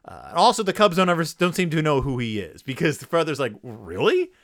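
Male podcast host, sarcastic riffing recap, animated pitch, slightly high voice. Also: fairly quick, dry recording, studio quality. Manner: sarcastic, riffing, acts out characters. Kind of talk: comedic book recap.

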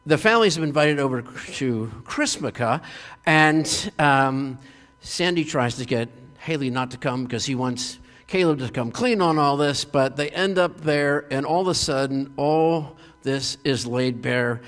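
A pastor telling a story in his sermon, animated and chatty, with frequent fillers. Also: mid-range voice. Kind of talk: sermon retelling a TV episode. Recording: long reverb of a hall.

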